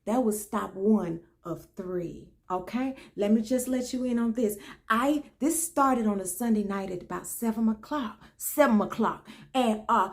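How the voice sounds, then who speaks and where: A woman vlogger telling a comic personal story in an animated, preacherly way, calling her viewers baby and y'all. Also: a little high. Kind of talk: comedic storytelling vlog.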